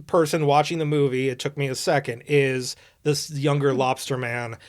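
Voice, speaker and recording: A man's voice: mid-range voice, fairly even intonation, normal speed. A young man co-hosting a podcast, recapping a movie in casual chat with a wry, profane manner. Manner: wry, profane, lapses into mock quoting. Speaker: podcast co-host.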